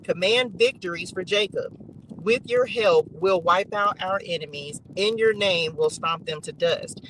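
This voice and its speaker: A man's voice: high-pitched, measured pace, sharp tone, a little hiss or hum, rough recording. A man reading psalms aloud with emphatic repetition and casual asides to a live chat. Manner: emphatic, repeats phrases, colloquial asides. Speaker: online faith reader and streamer.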